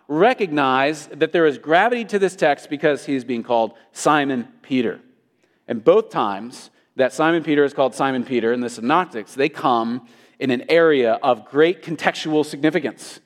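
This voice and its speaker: Earnest male pastor mid-sermon, mid-pitched voice, echoing church hall. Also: a little fast. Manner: earnest preaching, repeats words when restarting. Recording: long reverb of a hall.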